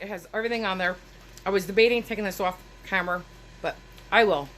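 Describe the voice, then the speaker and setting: A woman's voice: medium pitch, fast talker, rough recording. A woman vlogging casually to camera from her home kitchen, chatting and rambling to her viewers as she shows a cooking demo. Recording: steady background noise.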